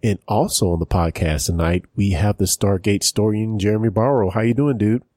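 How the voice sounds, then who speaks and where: A man's voice: fairly low pitch, a little fast, a little mellow, no echo, clean studio sound. A man hosting a fan podcast, upbeat and chatty as he introduces guests and reads plugs. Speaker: podcast host. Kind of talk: casual podcast chat.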